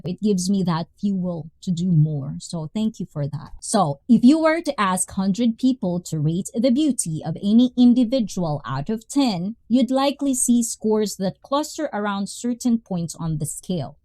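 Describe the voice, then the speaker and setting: A woman's voice: a little mellow, no echo. A woman talking casually to camera as a vlogger, reading lines aloud and reacting with frequent laughter. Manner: laughs often, breaks into high giggles; reads lines then reacts playfully.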